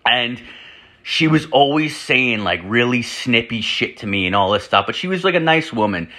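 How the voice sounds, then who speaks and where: Rambling, profane man with a bright voice. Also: medium pitch, moderate pace. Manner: rambling, profane, full of "like" fillers; animated, jumps into acted-out quotes. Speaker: podcast host. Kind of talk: crude casual storytelling.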